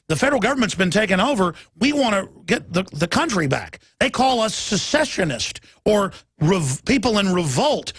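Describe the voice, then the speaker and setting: A man's voice: high voice, bright, forceful tone. A man hosting a talk radio show, delivering a heated, emphatic monologue and stumbling over repeated words as he pushes his point.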